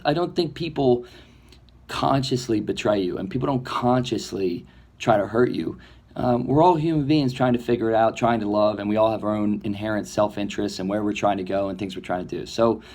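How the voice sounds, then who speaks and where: A man, a comedy filmmaker, talking in a rambling, reflective monologue that grows animated as he acts out imagined voices. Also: medium pitch.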